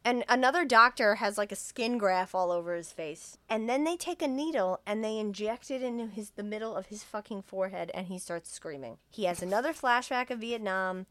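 A young woman casually recapping a film for her co-host, laughing often and jumping into loud, raised voices when she quotes the characters. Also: mid-range voice, brisk, few pauses, no echo. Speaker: podcast co-host retelling a film. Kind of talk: casual chat, recapping a movie scene by scene.

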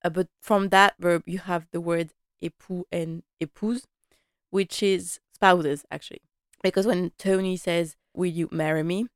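Chatty woman with a smooth, dry voice. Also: lowish voice, measured pace, no room sound. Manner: chatty and animated, laughing often, slipping into quoted lines. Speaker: podcast host recapping a TV drama. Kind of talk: casual chat.

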